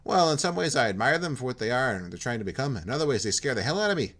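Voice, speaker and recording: A man's voice: medium pitch, big pitch swings, rapid-fire, fairly bright tone, pitched above the performer's own voice. A man voicing a friendly, talkative male computer technician, with a Minnesota accent that drifts into Irish. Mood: friendly, chatty. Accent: Minnesota sliding into Irish. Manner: chatty, eager to explain.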